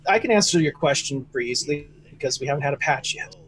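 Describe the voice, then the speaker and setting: A man co-hosts a game livestream and chips in with dry, offhand replies. He talks quickly, with a slightly high voice. Crowd noise carries behind him. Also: animated. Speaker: livestream co-host. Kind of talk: casual livestream chat.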